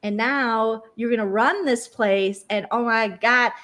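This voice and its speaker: A woman guest on a casual recap chat, effusive and quick to get emotional. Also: a little high, a bit bright. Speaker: guest co-host.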